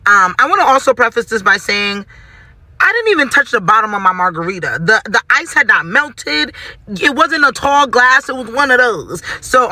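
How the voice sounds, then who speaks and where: A woman's voice: medium pitch, bright, forceful tone. A young woman telling a dating story vlog-style, outspoken and laughing, swearing freely and getting worked up. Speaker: storyteller vlogger.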